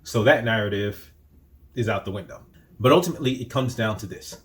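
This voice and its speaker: A man's voice: fairly low pitch, fairly quick, fairly bright tone, slightly rough. A man hosting his own opinion commentary, pressing the same questions again and again in a heated, rhetorical way. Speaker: commentary channel host.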